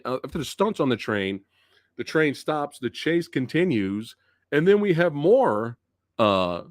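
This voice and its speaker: A man's voice: on the high side, dry recording, studio quality. A man hosting a live movie review stream, chatting loosely and laughing often as he talks. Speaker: movie review channel host.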